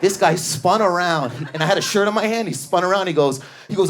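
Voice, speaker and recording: A Canadian man doing stand-up, telling animated stories and bursting into shouted impressions of other people. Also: high-pitched, brisk. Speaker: stand-up comedian. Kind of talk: stand-up routine. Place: comedy club stage before a live audience. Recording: live club with loud crowd laughter. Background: audience laughter.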